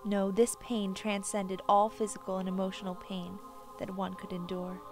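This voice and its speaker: A woman narrating a sad story slowly, in a hushed, sorrowful voice that often drops to a whisper. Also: medium pitch, flat delivery. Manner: slow, hushed, sorrowful delivery. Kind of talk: dramatic story reading. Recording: music playing behind.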